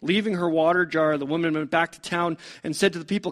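A man with a fairly high voice preaching a storytelling sermon. He sounds conversational and keeps posing rhetorical questions to his listeners. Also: steady tone, fast, few pauses, a bit bright.

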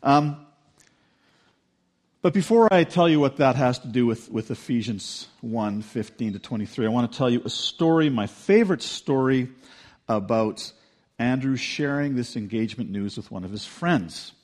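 A man giving a sermon, chatty and storytelling rather than formal. His voice sits at an ordinary middle pitch for a man. He often acts out what people said with lively shifts. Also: normal speed. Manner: conversational storytelling with lively acted-out quotes. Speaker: pastor.

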